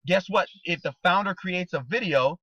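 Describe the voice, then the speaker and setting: A man coaching a team in a motivational training talk, his slightly raised voice bright and forceful. He drives points home with rhetorical questions and checks in with "okay?". The recording is dry and a little dull. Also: high voice, normal speed, dry recording. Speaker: network marketing trainer.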